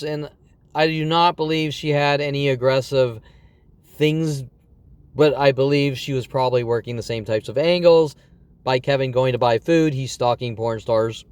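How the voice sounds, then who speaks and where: A man in his twenties rants on in a smooth, fairly high voice, agitated and repetitive. He stumbles through fillers and self-corrections. The recording is dry and close, with no room echo. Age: 20s. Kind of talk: rambling monologue vlog.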